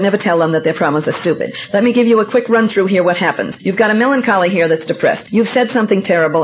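A middle-aged woman giving a seminar talk, telling personal stories in an animated, self-mocking and emphatic way. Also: medium pitch. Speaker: seminar speaker. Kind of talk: lecture with personal anecdotes. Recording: dull lo-fi recording.

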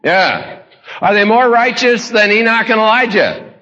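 A high, bright-voiced male preacher who tells stories with folksy jokes and chuckling asides. The sound is dull and lo-fi, caught in a large hall with a long reverb. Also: sing-song, measured pace. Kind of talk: humorous sermon storytelling.

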